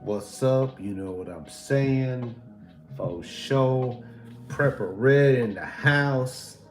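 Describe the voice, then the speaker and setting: A man's voice: medium pitch, extremely slow, a little mellow, roomy sound, faint music behind. A man voicing a boastful wannabe gangster vlogger, laying on the slang. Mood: swaggering.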